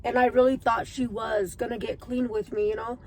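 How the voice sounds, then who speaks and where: A woman in her thirties with a fairly high voice, telling her personal story straight to her viewers. She talks in an earnest, emotional way, as if confiding in friends. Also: level tone, moderate pace, a little mellow, low-quality recording.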